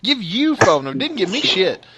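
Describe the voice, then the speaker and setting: A man's voice: sits high, big pitch swings, normal speed, a bit bright, slight background noise. A man co-hosting a casual chat, asking follow-up questions, laughing often and swearing casually.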